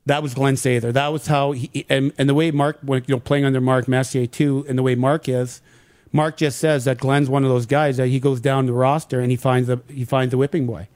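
A middle-aged man, a former pro hockey player, telling animated stories in an interview and acting out what people said. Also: mid-range voice, fairly quick, dry recording, clean studio sound. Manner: animated anecdotes acting out quoted dialogue. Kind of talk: casual storytelling in an interview.

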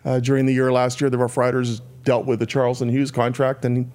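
A man giving football analysis on a sports radio show in a measured way, often restarting phrases. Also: medium pitch, level tone, darkish tone.

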